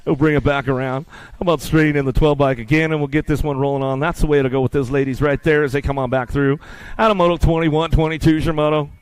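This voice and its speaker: A man's voice: on the high side, steady tone, fast talker, smooth. A man calling live races as the announcer, rattling off play-by-play and bantering with the crowd. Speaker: race announcer. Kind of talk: live race commentary.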